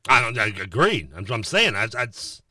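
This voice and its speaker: A man co-hosting sports talk radio, his voice bright and sharp as he rants in quick bursts. His pitch jumps around a lot. He sits a little back from a dry studio mic. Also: no room sound, far from the mic. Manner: animated, ranting.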